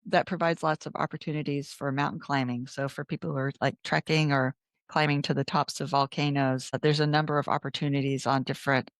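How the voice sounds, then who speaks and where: A woman talks in a loose, chatty interview way. Her voice is smooth and resonant, and the sound is dry and close. She restarts words and fills pauses as she goes. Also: deep voice, level tone, dry recording. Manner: chatty, restarts words often, many fillers. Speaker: travel author guest. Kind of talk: casual interview chat.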